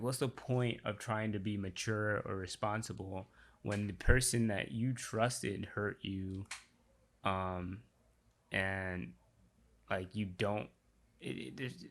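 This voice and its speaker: A young man co-hosting a podcast, speaking in a hesitant, reflective, halting way. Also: on the low side, fairly even intonation. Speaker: podcast co-host. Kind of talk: casual podcast discussion.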